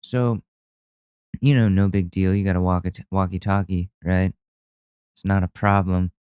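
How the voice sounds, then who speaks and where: Man, casual storyteller, lowish voice, smooth and clear, chatty self-mocking delivery. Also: level tone, measured pace, a little mellow, dry recording, clean studio sound. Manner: rambling, self-deprecating, many restarts and fillers. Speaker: podcast host. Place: at home.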